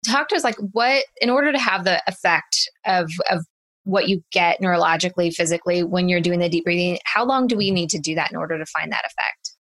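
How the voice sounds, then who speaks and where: A woman's voice: lowish voice, brisk, fairly bright tone. A woman hosting an interview, chatting loosely and asking long, rambling questions with fillers. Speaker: interview host. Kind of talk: conversational interview.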